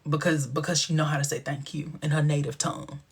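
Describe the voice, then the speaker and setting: A man's voice: fairly high pitch, little pitch movement, fast, gravelly, slightly rough. A man hosting a casual livestream, gossiping in a sassy way and often dropping into a whisper. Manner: sassy, gossipy retelling with sudden dips into whispers. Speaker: livestream host.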